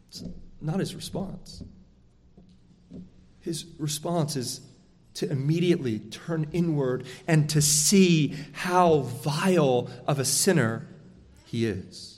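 A man with a slightly raised speaking pitch preaches in an earnest, emphatic manner, often doubling back on his words to press a point. His voice carries the long reverb of a big hall. The delivery is that of a pastor working through a sermon. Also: slow pace, long pauses, darkish tone, a little hiss or hum.

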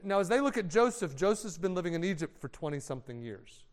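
A man preaching with a high, smooth, ringing voice, telling a story in a dramatic, animated way peppered with casual slang. The sound rolls through a large hall with long reverb. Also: quick pace. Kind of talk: sermon storytelling.

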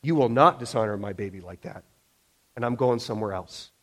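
A man's voice: mid-range voice, expressive, brisk. A man preaching a sermon, speaking emphatically with frequent restarts and acting out quotes. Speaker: pastor.

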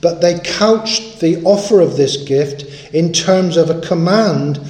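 A man's voice: fairly high pitch, takes it slowly, darkish tone, echoey room. A man preaching a sermon in an earnest, emphatic way, stressing and repeating his key points.

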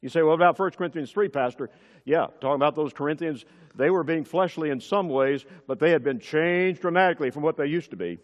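A man preaching a sermon as pastor, building to emphatic, forceful peaks and dropping back to quiet asides. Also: brisk, dull audio. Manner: emphatic preaching with sudden rises in pitch and force. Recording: long hall reverb.

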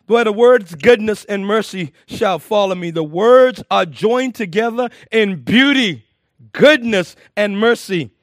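Man preaching, fairly high voice, emphatic and lively, dry close sound. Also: takes it slowly, dry recording. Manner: lively preaching, stresses words, laughs often, repeats phrases. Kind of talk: sermon.

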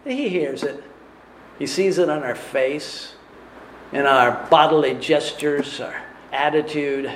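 A man preaching a sermon in a measured, deliberate way, often asking rhetorical questions. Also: on the high side, reverberant, a little hiss or hum.

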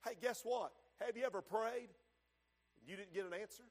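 High-voiced fervent preacher man. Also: moderate pace. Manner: fervent, emphatic, punctuated by amens and hallelujahs. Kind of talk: revival sermon. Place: church sanctuary. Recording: long hall reverb in a church.

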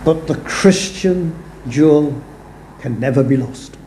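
The recording, made in an echoey church room with a little hiss or hum, captures a man preaching in a chapel. His voice is a little high and warm, his pace slow, and he speaks earnestly, lending weight to the scriptures he cites.

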